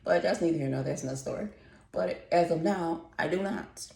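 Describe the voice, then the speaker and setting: Gravelly low-voiced woman ranting. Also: a little fast, a little mellow. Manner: exasperated, profane, rambling rant. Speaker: vlogger. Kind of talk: casual ranting vlog. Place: apartment at home. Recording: echoey room.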